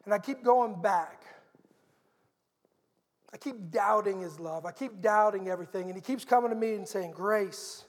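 A man's voice: high voice, moderate pace, long pauses, long reverb tail. A middle-aged man preaching a sermon in an earnest, conversational storytelling manner.

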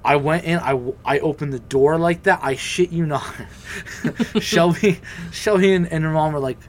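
A man's voice: a little high, moderate pace, slight background noise. A young man telling a personal story in casual chat, swearing freely and acting out what others said. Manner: profane, animated, acts out quoted voices.

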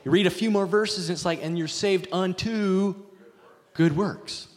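Pastor guy preaching, kinda high voice, lots of asides, long echo off the room. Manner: storytelling, animated, rambling with asides. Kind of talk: sermon. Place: church sanctuary.

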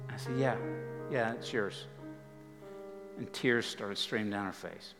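A male pastor preaches in a live church hall, his voice carrying a long reverb tail. Music plays softly underneath as he tells his story. He talks casually, rising into animated bursts and dropping to near whispers. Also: mid-range voice, moderate pace. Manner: conversational, animated storytelling with dramatic drops to quiet. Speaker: guest pastor. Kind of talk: storytelling sermon.

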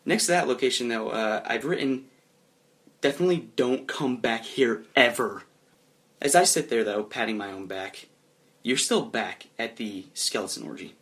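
A young man narrating his character's actions in a comedic tabletop role-play, chuckling as he goes. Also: fairly low pitch. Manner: animated, chuckling, drops into quick voiced asides.

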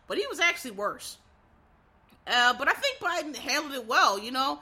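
A woman giving casual solo commentary, ranting in an animated, rambling way and swearing freely. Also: sits high, brisk, breathy edge. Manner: animated, profane, rambling rant. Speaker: political commentator.

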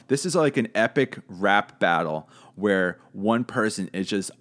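A man's voice: lowish voice, lively intonation, measured pace, few pauses, a bit bright. A man giving a casual Bible lesson. He talks in a conversational, searching way, hedging and correcting himself as he goes. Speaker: Bible teacher.

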